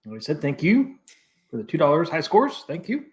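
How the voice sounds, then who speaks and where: A man's voice: on the high side, huge pitch swings, moderate pace, noisy background. A man hosting a casual live stream, laid-back as he reads viewer messages aloud and chats. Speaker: host of a live stream show.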